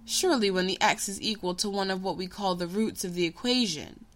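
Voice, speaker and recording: A woman's voice: medium pitch, fairly quick, lightly acted. A woman reading a story, voicing an earnest seventeen-year-old boy who is eager and a little petulant. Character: earnest teenage boy, eager, sulky, impatient.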